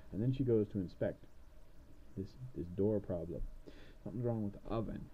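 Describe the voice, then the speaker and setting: A man's voice: fairly low pitch, moderate pace, breathy edge. A man retelling a fairy tale casually, rambling with sarcastic asides, on a dull lo-fi recording. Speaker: storyteller.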